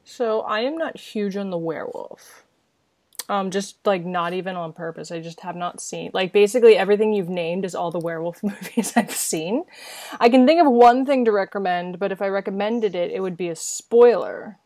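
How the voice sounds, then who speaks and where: A woman co-hosting a podcast in a relaxed, playful way, often dropping in jokes and quick asides. Her voice sits at a middle pitch and sounds close and dry. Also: no echo. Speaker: podcast co-host. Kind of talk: casual chat.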